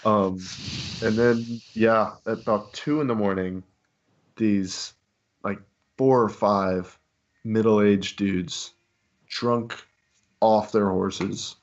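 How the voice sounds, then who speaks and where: A man's voice: lowish voice, steady tone, slow, pauses often. A young man, the podcast co-host, telling a story in casual chat, laid-back and laughing often. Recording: dull lo-fi audio with faint noise.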